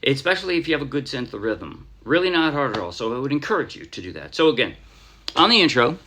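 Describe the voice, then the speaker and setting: A man's voice: mid-range voice, big pitch swings, fast talker, sharp tone. An American man casually teaching a ukulele song, rambling a little and counting beats aloud over his strumming. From United States. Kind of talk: casual music tutorial.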